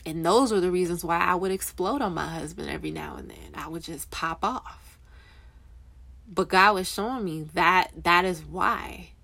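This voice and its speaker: A woman's voice: on the low side, normal speed, vocal fry, bright, forceful tone. A young woman giving casual, earnest faith encouragement, rambling a little and correcting herself as she goes. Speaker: Christian encourager speaking to waiting spouses.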